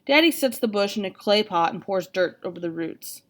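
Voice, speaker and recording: A woman's voice: medium pitch, animated, normal speed, fairly bright tone. Woman reading a novel aloud. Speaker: reader.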